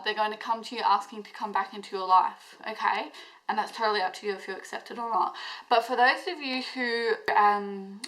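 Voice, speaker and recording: A woman's voice: mid-range voice, fairly bright tone, poor audio. A woman giving a pick-a-card tarot reading, talking straight to her viewers in an emotional, intense and reassuring way, with plenty of fillers. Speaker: tarot reader.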